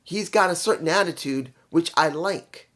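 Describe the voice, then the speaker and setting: A man's voice: on the high side, moderate pace, fairly bright tone. A man giving a casual solo review of a wrestling show, rambling and often stopping to correct himself. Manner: rambling, self-correcting, candid.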